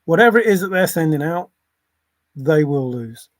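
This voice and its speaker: A man's voice: a little high, lively intonation, moderate pace, dry recording. A man hosting a casual livestream, rambling between topics, often chuckling and apologizing. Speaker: livestream host.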